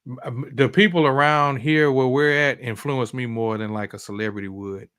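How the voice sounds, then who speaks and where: A man's voice: medium pitch, steady tone, normal speed, fairly bright tone, clean tone, no echo, clean studio sound. A man talking as a guest in a casual chat, rambling with lots of fillers. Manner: rambling, many fillers and restarts. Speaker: guest, sneaker collector.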